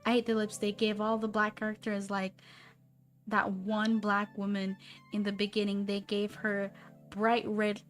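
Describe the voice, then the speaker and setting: A young woman in her twenties chatting casually on a live stream while she draws, rambling and animated with lots of "like". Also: mid-range voice, measured pace, faint music behind. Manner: rambling and animated, heavy use of "like". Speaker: streamer and artist.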